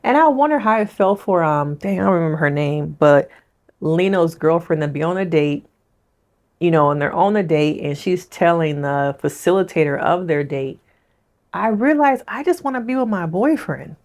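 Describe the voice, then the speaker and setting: Woman therapist hosting a casual show recap, slightly low voice, chatty and direct with her audience. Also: moderate pace, darkish tone. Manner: chatty, addresses viewers directly. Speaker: licensed therapist.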